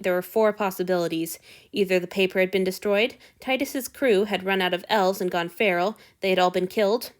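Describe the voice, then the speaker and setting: Woman reading a story aloud. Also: medium pitch. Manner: expressive storytelling narration. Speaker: audiobook reader. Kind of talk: fan fiction read-aloud.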